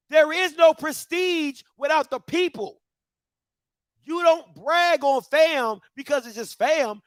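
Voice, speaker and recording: High-voiced man ranting with emphatic questions. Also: heavy background noise. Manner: emphatic, repetitive rhetorical questions, mock-voices others. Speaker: commentary show host. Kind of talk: passionate opinion rant.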